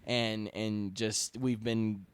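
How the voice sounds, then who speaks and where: A young man co-hosting a casual podcast, lively and halting, with many restarts. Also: lowish voice, smooth, dry recording. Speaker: podcast co-host. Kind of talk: casual chat.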